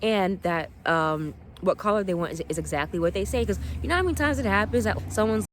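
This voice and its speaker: Excitable rambling woman vlogging outdoors. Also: mid-range voice, quick pace, slight background noise. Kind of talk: casual rambling storytelling. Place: outdoors by water at sunset. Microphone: phone held above the water.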